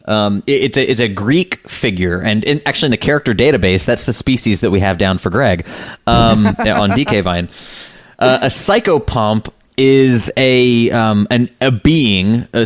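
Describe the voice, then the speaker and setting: A man co-hosting a podcast in casual chat, rambling with lots of fillers and restarts, laughing often. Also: lowish voice. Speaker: podcast co-host.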